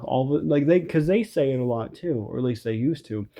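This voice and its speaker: A man's voice: mid-range voice, steady tone, fairly quick, hardly any pauses, mellow. A young man venting in a frustrated, rambling rant, swearing often and restarting his sentences. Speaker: vlogger. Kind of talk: ranting vent recording.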